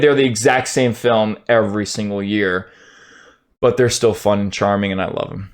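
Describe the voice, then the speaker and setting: A man streamer ranting his opinion in a casual, profane, heated way, at times breaking into shouts. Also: medium pitch.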